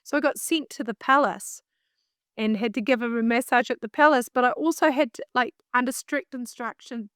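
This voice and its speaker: New Zealand woman, singer, animated self-mocking storyteller, bright-pitched. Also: a little fast, no echo, clean studio sound. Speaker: singer and vocal coach, guest. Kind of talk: casual storytelling in an interview.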